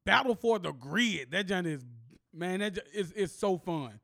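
A man's voice: high-pitched, expressive, moderate pace, gravelly, bright, forceful tone, no echo, clean studio sound. A man hosting a casual podcast, talking in loose slang and laughing often. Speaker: podcast host. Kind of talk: casual chat.

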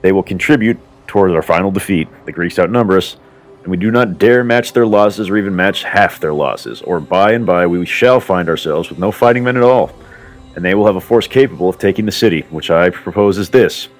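A man's voice: low-pitched, a little fast, natural voice. A man voicing a proud warrior prince who speaks in a formal, declamatory way. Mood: resolute. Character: proud male warrior prince, bold and commanding.

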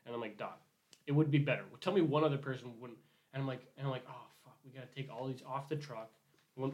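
A young man in casual conversation, telling a work story in a rambling way. He swears freely and acts out what everyone said. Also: medium pitch. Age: young adult. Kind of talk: casual chat.

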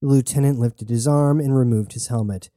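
A man narrating an action story in a steady, even storytelling manner. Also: mid-range voice, brisk, dry recording, clean studio sound. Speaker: audiobook narrator. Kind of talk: scripted narration.

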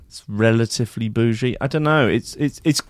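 A man in casual podcast banter, teasing his friend in a deadpan way. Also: mid-range voice, brisk, clean tone, dry recording. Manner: deadpan teasing, mock fitness-instructor shouts.

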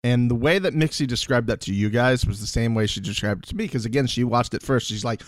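A man co-hosting a casual podcast recap, joking and expressive. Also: mid-range voice, fast, hardly any pauses, no echo. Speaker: podcast co-host.

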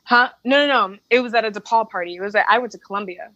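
A woman's voice: a little high, fast, a bit bright, no room sound, dull audio. A woman from the Chicago suburbs telling a personal story to an interviewer, candid and emotional, swearing freely and acting out the voices of people she quotes. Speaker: interview guest.

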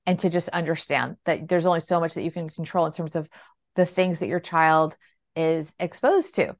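A woman guest on a podcast, a financial planner telling parenting stories in a conversational, animated way and acting out the dialogue. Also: low-pitched, normal speed. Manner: animated, acts out quoted dialogue. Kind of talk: conversational storytelling. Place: lives in New York City.

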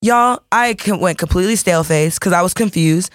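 A woman's voice: lowish voice, fairly quick, no room sound, studio quality. A woman co-hosting a podcast, telling a long story in casual chat, calling listeners y'all and acting out what people said. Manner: animated, addresses listeners as y'all, acts out quotes. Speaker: podcast co-host.

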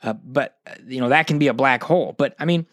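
A man's voice: mid-range voice, dry recording. Passionate man, dry close mic. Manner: passionate, preachy, halting with restarts. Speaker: podcast host. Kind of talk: casual monologue podcast.

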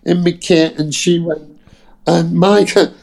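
A man's voice: fairly high pitch, a little slow, vocal fry. A British man telling casual, foul-mouthed anecdotes as a guest. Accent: British English. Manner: swears freely, lively storyteller.

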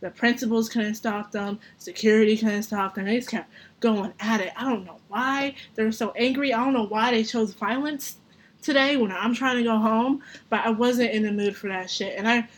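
Animated, profane young woman storyteller. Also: fairly high pitch, normal speed. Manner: animated, profane, laughs often. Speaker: podcast host. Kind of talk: casual storytelling.

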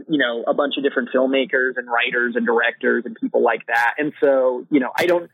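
A literary manager answering podcast interview questions in a casual way, full of "you know" and "like". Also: male voice, mid-range voice, breathy edge, no echo. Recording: dry, thin phone-line sound.

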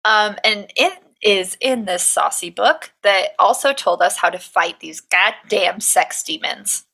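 A young woman co-hosting a podcast, talking in a loose, chatty way. Her voice is bright and forward, and she moves between history and jokes without slowing down. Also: medium pitch, lively intonation, vocal fry, slightly rough. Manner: chatty, laughs often, mixes history with jokes. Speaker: podcast co-host. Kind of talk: casual chat.

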